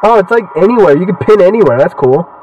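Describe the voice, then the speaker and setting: A young man giving casual, swear-filled commentary while playing a video game, excitable and heckling the characters on screen. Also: high-pitched, fast talker, distant mic, highs cut off, slight background noise. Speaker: gaming channel host.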